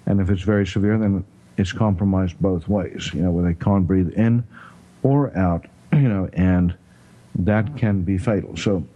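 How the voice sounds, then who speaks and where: A man with a South African accent explaining health topics in casual chat, pausing often with "you know" and clearing his throat. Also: low voice, mellow, lo-fi sound. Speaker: health talk host.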